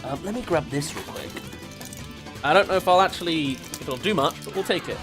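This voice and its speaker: Laid-back English man, lively pitch. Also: brisk, over music. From England. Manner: laid-back, rambling, laughs often, reads quiz questions aloud. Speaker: VTuber streamer. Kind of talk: casual streaming chat.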